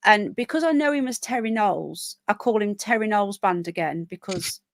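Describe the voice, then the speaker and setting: A brisk, expressive British woman with a medium-pitched voice hosts a laid-back live stream with no echo. She talks at length in a rambling way, reading results out loud with many fillers.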